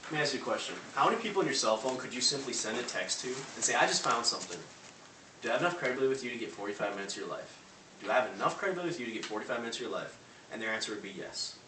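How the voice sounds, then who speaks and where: A man giving a loud, punchy sales pep talk to a live audience, acting out phone calls. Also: mid-range voice, lively intonation, racing. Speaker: motivational speaker. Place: large room before a live audience. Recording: echoey hall from far off, faint noise.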